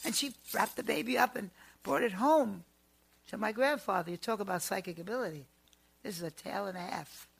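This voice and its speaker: A woman who works as a psychic, telling family stories in a chatty, animated and emphatic way. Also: medium pitch, a little fast, vocal fry, husky. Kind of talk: storytelling monologue.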